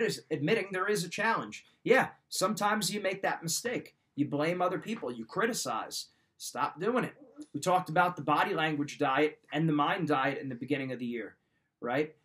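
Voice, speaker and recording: A man's voice: fairly high pitch, fairly bright tone. Emphatic man giving motivational advice. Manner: emphatic, repeats points, direct advice. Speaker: podcast host. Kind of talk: motivational talk.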